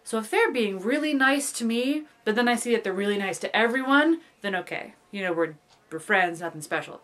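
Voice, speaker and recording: A young woman talks straight to her camera in a casual confessional vlog. She rambles and overthinks out loud, full of fillers and restarts, at a middling pitch. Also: expressive, fairly quick. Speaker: vlogger.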